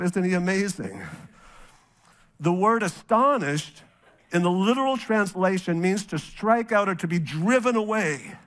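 A middle-aged male pastor from North Dakota preaching a sermon, telling a family story in a casual, animated way and acting out the voices of the people he quotes. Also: high-pitched.

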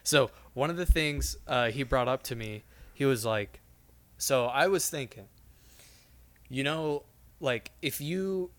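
A man's voice: mid-range voice, slow, long pauses, a bit bright. A young man co-hosting a casual chat, rambling with lots of fillers and casual swearing.

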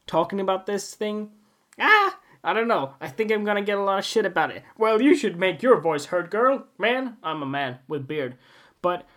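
A man's voice: on the high side, fairly bright tone. Rambling jokey podcast man. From Sweden. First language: Swedish. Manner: rambling, jokey, self-mocking asides. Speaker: podcast host. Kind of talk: casual solo podcast monologue.

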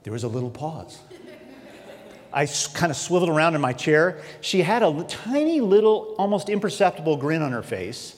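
A man delivers a sermon, slipping into an earnest, animated personal story. His voice sits somewhat high. It rings out with the long reverb of a large hall. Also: moderate pace. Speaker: preacher.

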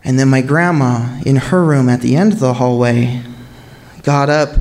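A young man telling a true story live on stage, in an earnest, suspenseful manner. He lets hushed pauses build the tension. His voice sits at an ordinary middle pitch. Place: live stage before an audience.

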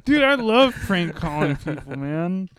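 A man in his thirties co-hosting a podcast, excitable and laughing through his stories, saying "dude" often. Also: high voice, a little slow, crowd noise. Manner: excitable, says "dude" a lot, laughs while telling stories. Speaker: podcast co-host. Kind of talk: casual chat.

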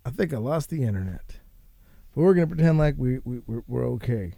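A man hosting a casual show, ranting and swearing in a rambling, animated way. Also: medium pitch, a little fast, vocal fry, dry recording. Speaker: podcast host.

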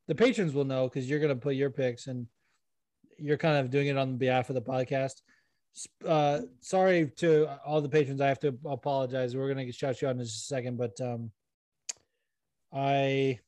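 A man's voice: medium pitch, darkish tone, no room sound. Rambling young man hosting a podcast. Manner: rambling, self-deprecating, swears and laughs. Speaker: podcast host. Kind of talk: casual chat.

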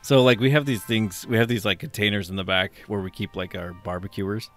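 A man's voice: on the low side, fairly even intonation, a little fast, fairly bright tone, faint music behind. A man co-hosting a casual podcast, telling profane, rambling stories and laughing along. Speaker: podcast co-host. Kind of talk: casual chat, reading odd news.

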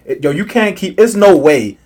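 A man's voice: high voice, animated, normal speed, a little mellow. A man co-hosting a sports talk show, exasperated, repeating himself in casual slang. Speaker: sports podcast co-host.

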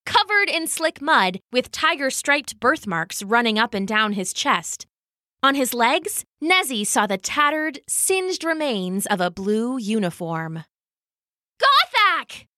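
A woman storyteller reading a children's adventure story in an expressive, animated way. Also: a little high, no room sound, clean studio sound. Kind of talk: scripted children's story narration.

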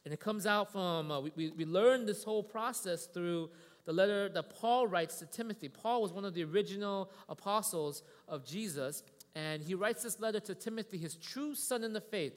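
A man's voice: high voice, normal speed, in a large hall. A man preaching as associate pastor in a church, talking in a casual, friendly way with frequent restarts. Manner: casual, warm-hearted preaching with many restarts. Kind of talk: sermon. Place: church sanctuary.

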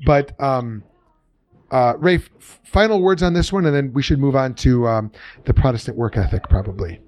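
A man co-hosting a podcast, talking casually and thinking out loud with frequent restarts. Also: medium pitch, moderate pace, no room sound. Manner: animated, thinks aloud with restarts. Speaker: podcast co-host. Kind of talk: casual discussion.

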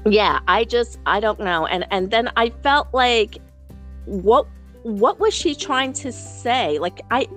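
Blunt New woman podcaster. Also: on the high side. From New York City. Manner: blunt, animated, swears freely, many fillers and restarts. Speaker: podcast co-host. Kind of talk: casual chat.

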